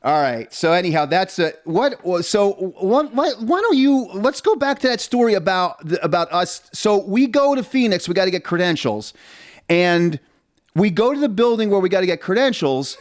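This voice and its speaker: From his home basement, a man co-hosts a casual podcast, spinning rambling, jokey stories in easygoing chat. His voice sits high and swings widely in pitch, moving at a normal speed.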